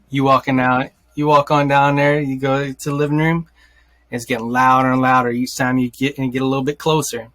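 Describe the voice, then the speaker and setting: A man's voice: mid-range voice, steady tone, normal speed, fairly bright tone, dry recording. A man hosting a casual podcast, telling a hypothetical story and acting out people's reactions as he goes. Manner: storytelling, acts out quoted reactions. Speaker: podcast host.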